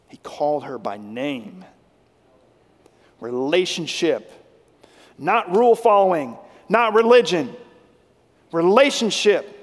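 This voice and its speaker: A man preaching a sermon as pastor, swinging between loud emphatic lines and hushed, intense ones. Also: sits high, in a large hall.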